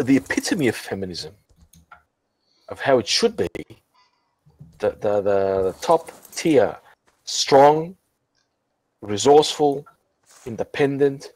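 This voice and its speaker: A man's voice: mid-range voice, a little mellow, low-quality recording. A drunk man chatting casually as host, rambling with many restarts and swearing. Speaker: channel host. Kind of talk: casual chat on a group voice call.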